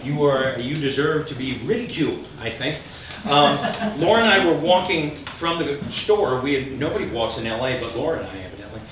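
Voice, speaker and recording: A man's voice: medium pitch, fairly quick. Echoey, distant man telling funny stories. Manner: animated and self-mocking, with frequent ums. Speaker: speaker sharing stories at a gathering. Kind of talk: humorous personal storytelling to a live audience. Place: large room with an audience. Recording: echoey hall, from far off, with background noise.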